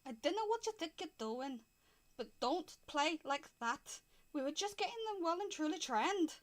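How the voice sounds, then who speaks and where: A woman voicing a tiny blue kilted male bagpiper in a Scottish accent, gruff and indignant. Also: high-pitched, animated, normal speed, voice pushed up.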